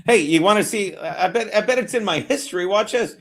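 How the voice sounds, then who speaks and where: Brief: brash, profane male streamer, high voice, rambling play calls and chat banter. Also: expressive, normal speed, fairly bright tone. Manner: profane, rambling, mutters while fiddling with browser; brash and mocking. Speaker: streamer hosting a betting watchalong. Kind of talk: live-stream commentary and chat.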